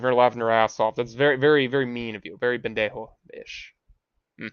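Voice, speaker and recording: A man's voice: mid-range voice, fairly even intonation, fairly quick, smooth, no echo. A man hosting a rambling livestream monologue in a profane, ranting way, full of restarts. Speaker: livestream host. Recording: dull, dry lo-fi sound.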